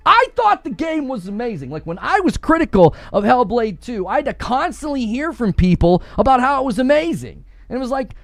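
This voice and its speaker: A man's voice: sits high, big pitch swings, moderate pace, hardly any pauses, dry recording. A man hosting a gaming commentary show, ranting in a heated, indignant and sarcastic way.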